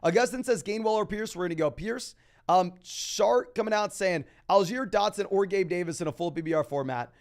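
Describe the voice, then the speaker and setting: A young man hosting a fantasy football live stream, reading viewer questions aloud and answering them in quick, energetic sports talk. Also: sits high.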